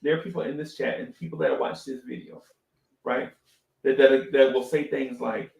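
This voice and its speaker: Animated middle-aged man, echoey room. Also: medium pitch, normal speed, creaky. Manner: animated storytelling, repeats phrases, says "right?" often. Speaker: podcast co-host. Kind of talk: casual live-stream talk.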